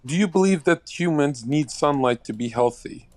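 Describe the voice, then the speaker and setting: A man's voice: on the high side, expressive, moderate pace, no echo. A man calling in to a casual chat, provocative and crude, laughing at his own bits. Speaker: caller.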